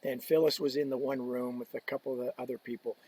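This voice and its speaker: A man talking as a podcast guest, telling stories in a casual, animated way and acting out the people he quotes. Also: medium pitch, fast talker, slightly rough, no room sound, poor audio. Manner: animated storyteller, acts out quoted voices. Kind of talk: casual storytelling.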